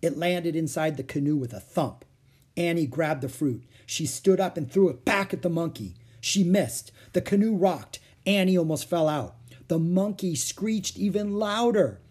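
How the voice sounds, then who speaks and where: A man reading a children's chapter book aloud as a storyteller, with expressive, animated delivery. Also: on the high side, moderate pace, husky.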